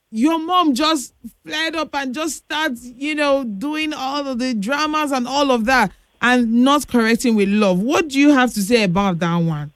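A woman's voice: high-pitched, a bit bright, dry recording. A woman hosting a casual advice chat. She is playful and affectionate and laughs often as she talks. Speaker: host.

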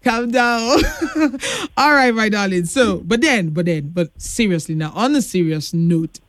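A woman's voice: fairly low pitch, animated, moderate pace, no echo. A woman hosting a casual advice chat. She is playful and affectionate and laughs often as she talks. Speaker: host.

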